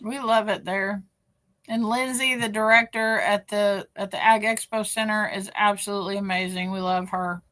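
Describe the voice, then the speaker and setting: A woman's voice: medium pitch, steady tone, a bit bright. A woman, co-hosting a podcast in chatty casual conversation. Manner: chatty, quick to chime in. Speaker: podcast co-host. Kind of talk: casual chat.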